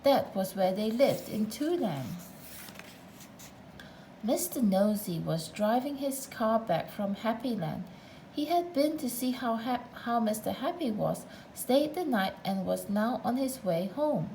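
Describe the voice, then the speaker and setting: A woman's voice: on the high side, animated, measured pace, warm tone, slight background noise, poor audio. A woman narrating a children's storybook aloud, with playful asides to the listener.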